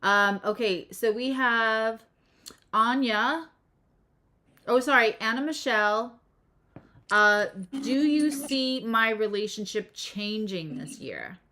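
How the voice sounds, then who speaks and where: A woman's voice: on the high side, slow, pushed and bright. A middle-aged woman hosting a live stream, chatting casually, laughing often and reading comments aloud. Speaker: live-stream host and astrologer.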